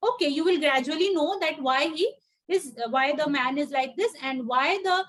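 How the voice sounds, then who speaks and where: A woman tutor teaching an online English class, reading a story aloud and explaining it line by line with patient pauses. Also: sits high, a bit bright. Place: home, on a video call.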